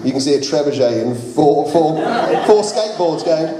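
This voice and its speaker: Playful game master, echoey hall. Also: male voice, a little high, moderate pace. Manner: laughing often, lively and playful. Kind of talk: improvised tabletop game narration. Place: large convention hall with live audience. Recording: echoey hall, loud crowd.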